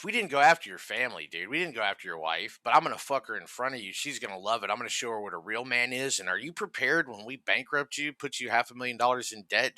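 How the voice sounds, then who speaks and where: Brief: angry commentary host, profane, mocking, very bright and sharp tone, dry close mic. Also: male voice, mid-range voice, no echo. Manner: profane, furious, mocking ranting.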